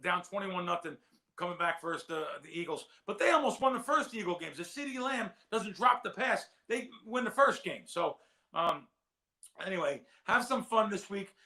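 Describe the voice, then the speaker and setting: A man's voice: sits high, lively intonation, normal speed, bright, forceful tone. A man on a sports betting show, talking in a rambling, heartfelt way and often repeating his words. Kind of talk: casual chat.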